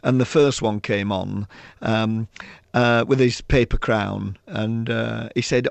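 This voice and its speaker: A gravelly South Yorkshire author spins funny school stories as an interview guest, speaking slowly at a fairly low pitch in a dry recording. He's a lively storyteller, laughing often and acting out children's voices.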